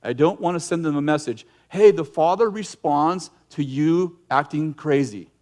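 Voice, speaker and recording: Man, middle-aged, pastor, sermon, fairly high voice, animated delivery. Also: normal speed. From United States. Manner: animated preaching, acts out yelling in bursts.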